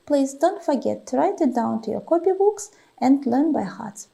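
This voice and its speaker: Woman teacher, slow careful english lesson, high lively voice, dark gravelly tone. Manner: slow, deliberate, stretches example words, frequent "uh" pauses. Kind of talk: classroom lesson, dictating vocabulary and explaining grammar.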